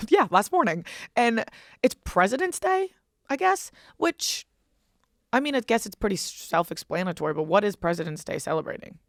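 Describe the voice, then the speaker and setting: A woman's voice: mid-range voice, animated, normal speed, a bit bright, dry recording, studio quality. A young woman hosting a podcast, casually telling a rowdy weekend story, swearing freely and laughing as she goes. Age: young adult. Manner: chatty, profane, laughing storyteller. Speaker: podcast host.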